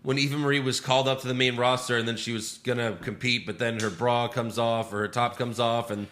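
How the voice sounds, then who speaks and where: A man's voice: mid-range voice, fairly even intonation, a little fast, a bit bright. A man hosting a casual chat, recapping events with sarcasm and swearing, acting out quotes. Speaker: podcast host recapping wrestling.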